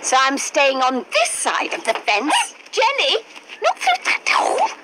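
A woman's voice: high-pitched, huge pitch swings, unhurried, heavy background noise, exaggerated voice. An actress playing a prim, fussy older neighbour who scolds and fusses over her own well-behaved dog. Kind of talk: children's TV acting.

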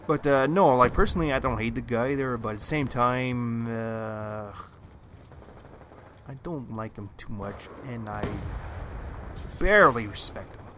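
A man's voice: medium pitch, measured pace, pushed and bright. A man from Canada giving casual, rambling gameplay commentary, swearing often and filling his talk with "uh" and "like". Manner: swears often, many fillers, loose storytelling. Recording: game gunfire noise behind voice.

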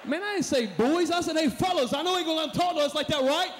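A man as a motivational speaker on stage, hyping up a live church crowd with shouted calls and responses. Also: extremely high pitch, rapid-fire, a little hiss or hum. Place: large hall at a live event. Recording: echoey hall, live event.

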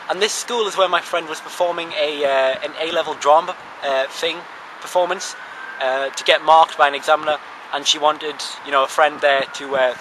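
A young man from northeast England, sitting on a cold street at night and chatting to his camera in a rambling, self-mocking way. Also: on the high side. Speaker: vlogger. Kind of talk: casual chat to camera. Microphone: handheld camera's built-in mic. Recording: street noise and passing traffic.

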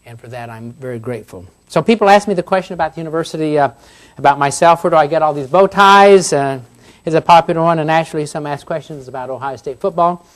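A man's voice: fairly high pitch, quick pace. A man in his sixties, an American university president, giving a humorous speech and reading letters aloud in a folksy, storytelling way. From United States. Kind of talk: humorous public speech at a luncheon forum. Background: audience laughter.

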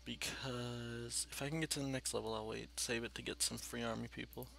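A man's voice: mid-range voice, steady tone, fairly quick, vocal fry, sharp tone. A man giving casual, rambling let's-play commentary, swearing freely and talking to himself as he plays. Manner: rambling, profane, talks to himself while playing. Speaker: gaming channel host.

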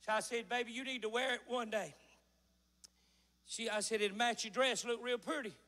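A male pastor, preaching a folksy sermon in a church that builds to a shout. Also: extremely high pitch, normal speed, in a large hall. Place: church sanctuary.

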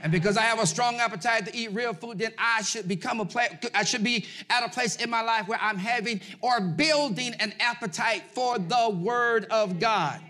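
A middle-aged man preaching a sermon, exhorting the congregation and swinging from shouted peaks to low asides. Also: moderate pace, few pauses. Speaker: pastor.

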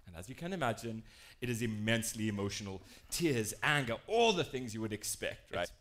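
Young South African man, lively self-mocking storyteller, inclusion speaker. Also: fairly low pitch, fairly quick. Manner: animated, self-deprecating storyteller with lively shifts in tone. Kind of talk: storytelling talk to an audience.

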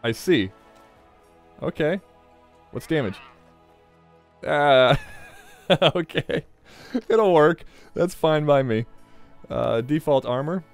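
Animated, jokey let's play host man. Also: a little high, creaky, no echo. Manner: jokey, rambling, swears freely. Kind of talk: casual gameplay commentary.

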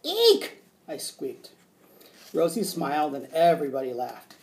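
A male teacher reading a children's book aloud with expressive narration. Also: a little high, normal speed, creaky.

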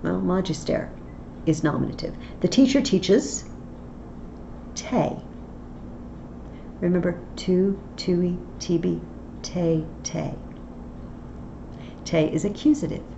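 A woman's voice: on the low side, takes it slowly, vocal fry, long pauses, mellow, a little hiss or hum. A woman teaching a Latin lesson online, explaining patiently step by step. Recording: slightly dull lo-fi audio with faint ambience.

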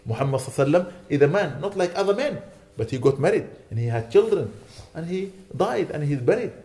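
Fast-talking fervent male sheikh preaching. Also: a little high, animated. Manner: fervent, emphatic exhortation that softens into quiet prayer. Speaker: sheikh giving a weekly lecture. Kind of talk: mosque lecture and closing prayers.

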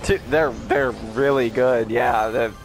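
A young man gamer reacting live to a crate opening, ecstatic and shaky, shouting at times and close to tears. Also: mid-range voice, gravelly.

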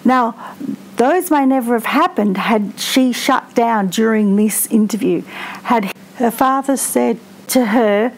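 Slow, gravelly woman commentating. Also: fairly high pitch, a little mellow, poor audio. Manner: slow, reflective, with frequent restarts. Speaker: true crime commentator. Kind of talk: casual commentary to camera.

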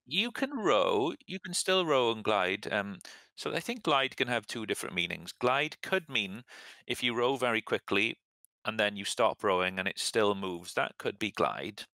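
A young man casually explaining example sentences as an English teacher, relaxed and chatty. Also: on the low side, vocal fry, no echo. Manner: relaxed, chatty, laughs at own slips.

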